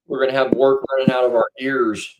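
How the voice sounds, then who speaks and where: A man chatting casually with viewers on a livestream, rambling and swinging into animated bursts, feeling under the weather. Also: mid-range voice, brisk, background noise. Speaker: livestream co-host.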